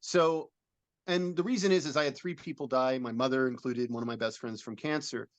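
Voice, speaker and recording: A man's voice: medium pitch, brisk, no echo. Earnest middle-aged man telling a long story. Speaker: film director and producer. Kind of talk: interview, describing a film idea.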